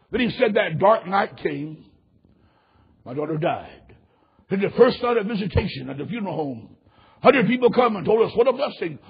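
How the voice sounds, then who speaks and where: A man preaching a sermon and leading an altar call, swinging from hushed, quiet passages to shouted, impassioned climaxes. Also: high voice, gravelly, slightly rough. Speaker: pastor. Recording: dull lo-fi recording.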